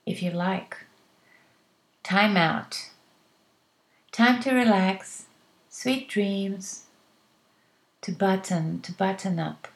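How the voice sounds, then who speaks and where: A woman models classroom for learners. She speaks each phrase slowly and clearly, pausing between them, at a middle pitch. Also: fairly even intonation. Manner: slow, clear, deliberate delivery, phrase by phrase. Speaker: English teacher.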